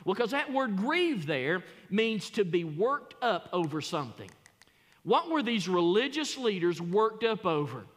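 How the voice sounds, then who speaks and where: A man preaching a sermon as pastor, emphatic, repeating his phrases and rising to loud peaks. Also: high-pitched, sing-song, measured pace. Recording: long reverb of a church hall.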